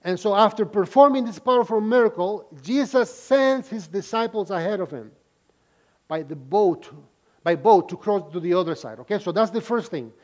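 A man's voice: high-pitched, lively intonation, moderate pace. A man preaching a sermon, reading scripture and explaining it to listeners with frequent questions and restarts. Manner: repeats words and restarts phrases.

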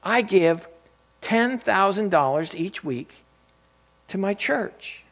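A man voicing a calm, self-assured shipwrecked rich man who speaks unhurriedly. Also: high-pitched, slow pace, heavily acted. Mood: smug.

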